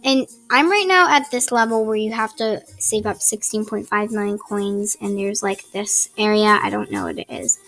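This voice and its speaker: A woman's voice: mid-range voice, normal speed, gravelly, hardly any pauses, a bit bright. A woman giving casual gameplay tips, rambling and chatty with apologetic asides, recorded on a laptop mic at a home desk. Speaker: gaming channel host. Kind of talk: casual gameplay tutorial commentary. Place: home desk with ring light. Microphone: laptop built-in mic.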